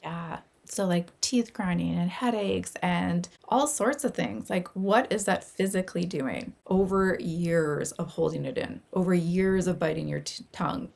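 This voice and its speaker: Lowish gravelly woman guest, chatty and candid, says like a lot. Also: measured pace, few pauses, a little mellow. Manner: chatty, many "like" fillers, candid. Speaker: holistic healing practitioner, guest. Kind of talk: casual conversational interview.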